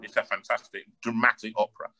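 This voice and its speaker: A man with a North London accent, an opera singer telling stories in an interview with lively, animated delivery and frequent word repeats. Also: lowish voice, quick pace, faint music behind. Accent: North London English. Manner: lively, repeats words while building a point.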